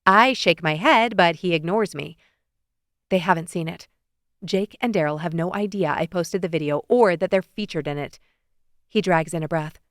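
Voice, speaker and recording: A woman narrating a first-person romance audiobook in a lively, expressive way, often lifting into excited questions, recorded close to the mic. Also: on the low side, moderate pace, no echo.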